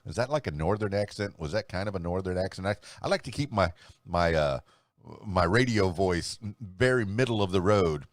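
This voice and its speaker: A man's voice: sits low, animated, moderate pace, no room sound, studio quality. A middle-aged man, hosting his own podcast in a chatty, self-amused way. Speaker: podcast host and DJ. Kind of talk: casual solo podcast talk.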